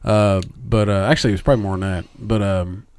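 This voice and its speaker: A man's voice: fairly low pitch, quick pace, smooth, no room sound. A male podcast co-host in casual chat, swearing freely as he tells stories. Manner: profane, animated storyteller.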